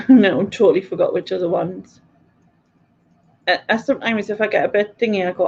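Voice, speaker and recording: A woman's voice: mid-range voice, fairly even intonation, normal speed, gravelly, long pauses, darkish tone, slightly rough, highs cut off. A woman with a Sunderland accent, hosting a live quiz stream in a chatty, informal way full of local slang. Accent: Sunderland (Mackem) English. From North East England. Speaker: quiz host. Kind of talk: casual live-stream chat.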